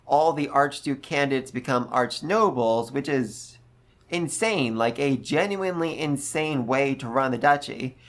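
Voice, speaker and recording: Animated man recapping a book. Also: medium pitch, a little slow. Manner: animated, jumps into quoted voices. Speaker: book review host. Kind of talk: casual recap video.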